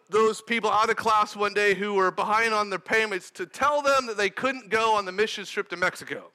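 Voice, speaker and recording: A young male preacher shares a personal story from the pulpit with animated, lively delivery, now and then breaking into shouts. His voice sits unusually high and rings with a sharp, bright edge. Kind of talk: sermon testimony.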